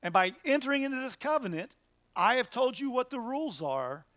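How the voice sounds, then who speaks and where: A man leads a midweek Bible study as pastor, teaching in an earnest, emphatic way and pushing his points with rhetorical questions. His voice sits fairly high for a man. The sound is close and dry, with almost no room echo. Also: very animated, fairly quick, a bit bright.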